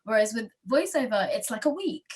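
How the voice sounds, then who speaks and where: A woman speaking in a mix of RP and South London accents, chatting as a singer and voiceover guest in an expressive, slightly dramatic way with frequent laughter. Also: fairly high pitch, brisk. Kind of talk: casual interview chat.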